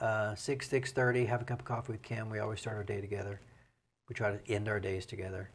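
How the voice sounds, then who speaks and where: A man's voice: lowish voice, flat delivery, fast, slight background noise. A man with a Southern US accent, a mayor speaking as an interview guest in casual, rambling talk with many fillers. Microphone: studio microphone.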